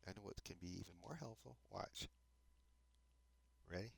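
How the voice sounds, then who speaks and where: A man's voice: low-pitched, normal speed, creaky, breathy edge. A man in his fifties from New Jersey with a New Jersey accent, chatting casually and chuckling as he plays and talks to his viewers. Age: 50s. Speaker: let's play host. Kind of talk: casual gameplay commentary. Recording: mouse and keyboard clicks audible.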